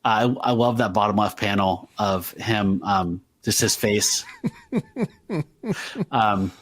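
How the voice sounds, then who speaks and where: A podcast co-host enthuses about comic art in a casual, rambling comic-book discussion full of fillers. His fairly low voice makes huge pitch swings, moves slowly, and sounds a bit bright.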